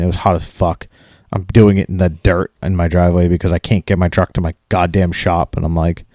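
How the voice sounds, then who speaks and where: His voice is deep, mellow, and level, moving a little fast over a dry, clean studio recording. The speaker is a late-thirties podcast co-host from Maine who rants, swears constantly, and voices both sides of a profane story.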